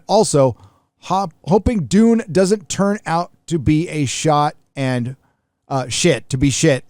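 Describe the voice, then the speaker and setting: A male host reads viewer messages aloud on a live stream, adding quick offhand remarks between them. His voice sits at an ordinary middle pitch. The sound is dry and close to the mic. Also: darkish tone, dry recording. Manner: reads superchats aloud then comments offhand. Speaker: host reading donations. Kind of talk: casual live-stream chat.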